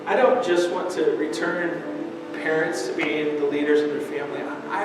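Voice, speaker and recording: High-voiced male pastor in an echoing hall. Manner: earnest storytelling, rising to emphatic appeals. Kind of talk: sermon. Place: church sanctuary. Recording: echoey church hall, mic at a distance.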